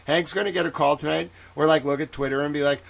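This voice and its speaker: A man giving casual livestream commentary on a trial. He is excitable, rambling and jokey, and swears often. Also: fairly high pitch, quick pace, gravelly.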